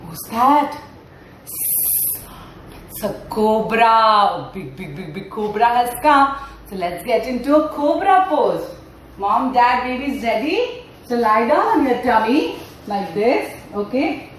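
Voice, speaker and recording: A woman leads a sing-along yoga class for parents and babies, her slightly high voice sing-song, a little slow, playful and coaxing. She's a mother-and-baby yoga trainer recorded far from the mic in an echoey room, with slight background noise.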